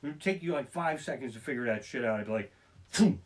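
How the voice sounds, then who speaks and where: A man's voice: medium pitch, expressive, quick pace. A man doing profane, self-deprecating stand-up comedy, livestreamed from his living room on a barebones home setup. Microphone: barebones home streaming setup.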